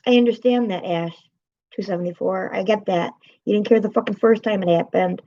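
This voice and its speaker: A woman's voice: medium pitch, fairly quick, dark tone, highs cut off. A woman live streamer, upset and swearing as she vents to her chat and greets viewers by name.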